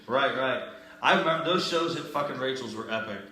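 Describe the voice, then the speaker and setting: A man's voice: mid-range voice, a little fast, sharp tone, roomy sound, a little hiss or hum. A man co-hosting a casual podcast chat, profane and laughing along. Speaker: podcast co-host.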